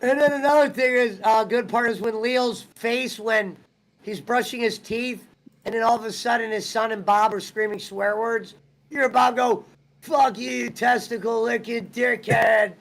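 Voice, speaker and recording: A man's voice: very high-pitched, fairly even intonation, normal speed, rough recording. A man hosting a live stream, chatting casually and telling rambling, profane stories. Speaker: streamer host. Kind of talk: casual chat.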